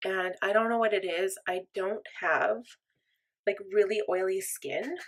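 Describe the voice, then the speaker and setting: This makeup vlogger, a young woman, speaks a little slowly in a mid-range voice. Her casual tutorial chat is upbeat and pokes fun at herself.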